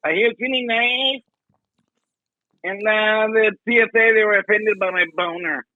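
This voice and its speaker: A man voicing a squeaky oddball with a shifting accent, whining and shouting his answers in an improvised comedy bit. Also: moderate pace, no echo, narrow, tinny audio, lightly acted. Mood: whiny. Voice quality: very high squeaky voice. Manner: whiny, shouting, rambling. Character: squeaky odd adult man from a news story, shifting accents.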